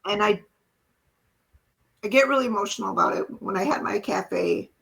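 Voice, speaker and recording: Husky, bright-voiced woman telling her story. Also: mid-range voice, normal speed, rough recording. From small town. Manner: earnest, animated storytelling with quoted dialogue. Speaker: podcast guest. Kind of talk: emotional personal testimony.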